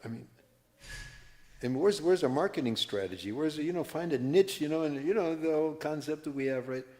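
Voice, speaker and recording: Speaking in a mosque hall with long reverb, this man in his seventies from California tells stories as a workshop speaker, prone to tangents and restarts. His voice runs on the high side with lively intonation and a darkish tone, and he talks fairly quickly.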